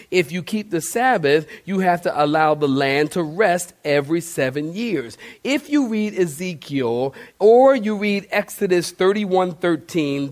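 A male pastor preaching a sermon, animated, putting questions straight to the congregation. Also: sits high. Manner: shouted cartoonish outbursts for emphasis.

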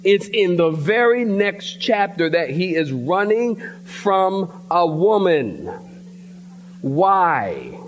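A pastor from the preaching a sermon in church, telling a story in a lively way and calling out to his congregation. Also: sits high, takes it slowly, slight background noise. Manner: storytelling preacher, animated, addresses congregation directly. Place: church sanctuary.

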